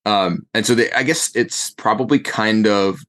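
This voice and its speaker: A man's voice: on the low side, moderate pace, a bit bright. A man running a tabletop game as game master, narrating in a rambling way with many fillers.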